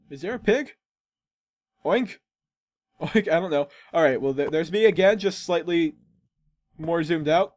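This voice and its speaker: A man's voice: a little high, measured pace, pauses often, a little mellow, no echo. A young man chatting casually through gameplay commentary, joking and teasing himself. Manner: chatty, self-mocking, jokey asides. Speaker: gaming channel host.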